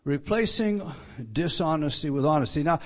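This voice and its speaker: A man's voice: on the high side, normal speed. A male pastor preaching an evening sermon, reading scripture aloud and stressing key words, with frequent restarts.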